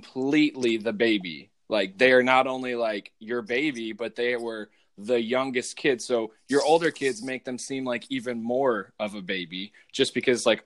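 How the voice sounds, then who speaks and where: A man in his thirties co-hosting a casual podcast chat, telling family stories in an animated way. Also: moderate pace, hardly any pauses. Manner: animated storyteller, quotes family with high excited voices. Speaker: podcast co-host.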